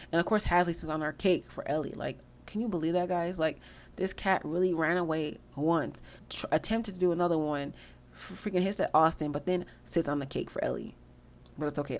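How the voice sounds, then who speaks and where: Fast-talking low gravelly woman. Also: a little mellow, slight background noise. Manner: slangy, chatty, swears freely. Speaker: gameplay video host. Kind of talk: casual gameplay commentary.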